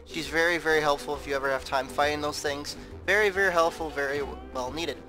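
A man's voice: fairly high pitch, quick pace, music in the background, low-quality recording. A man giving casual, rambling commentary over a game playthrough, often repeating words. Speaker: gameplay commentator. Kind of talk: casual let's play commentary.

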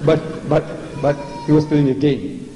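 The voice is fairly high, steady and mellow, at a measured pace with lo-fi sound. An older South African man gives a mocking, theatrical public lecture about religion in a large hall, repeating words for effect, amid long reverb and faint noise.

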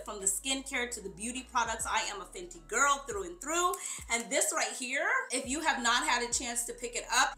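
A young adult woman talking fast and excitedly to her viewers in a chatty, emphatic beauty haul. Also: on the high side. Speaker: beauty vlogger. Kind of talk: sponsored haul, casual chat to viewers. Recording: echoey room.

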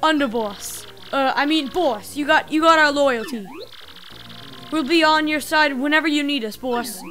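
A woman's voice: sits high, moderate pace, sharp tone, soft background music. A woman voicing a young male mob henchman from a video game, using streetwise slang. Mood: loyal. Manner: streetwise slang with dropped words.

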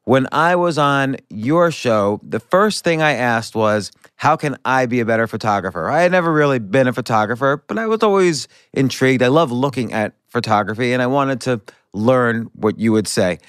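Middle-aged male podcast host, smooth resonant voice, dry close sound, rambling storyteller. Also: mid-range voice, lively intonation, moderate pace, hardly any pauses, fairly bright tone, dry recording. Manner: rambling, self-correcting storyteller. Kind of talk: casual conversational interview.

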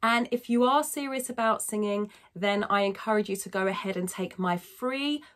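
A woman talking through a casual singing lesson. Her voice sits at an ordinary middle pitch, and she chats easily, thanks her viewers and drops in quick self-deprecating remarks. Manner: chatty, warm-hearted asides, thanks viewers. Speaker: singing teacher.

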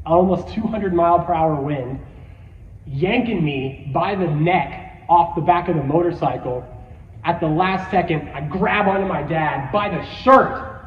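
A man preaching as a youth pastor, telling stories in an animated, emphatic way. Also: high-pitched. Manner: animated storyteller, quick emphatic shifts. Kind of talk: sermon with personal storytelling. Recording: echoey hall from a distance, dull sound.

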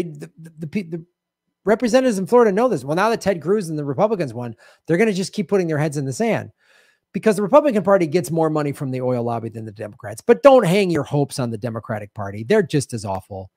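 A man in the middle of a heated political commentary, sarcastic and indignant. His voice sits at an ordinary pitch and lurches between loud jabs and low muttered asides. The sound is dry and close, with no room around it. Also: very animated, fairly quick, no room sound. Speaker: show host.

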